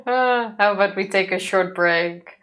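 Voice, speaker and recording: A woman's voice: medium pitch, a little slow, fairly bright tone. Teasing woman co-hosting a game stream. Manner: teasing, laughs easily. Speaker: let's play co-host. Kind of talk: casual gameplay chat. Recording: faint music behind.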